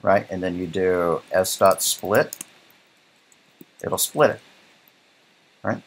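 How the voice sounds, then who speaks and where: Male instructor, very low and husky, casual live-coding lecture, thinks out loud. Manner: casual, thinks aloud, keeps asking "right?". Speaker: programming instructor.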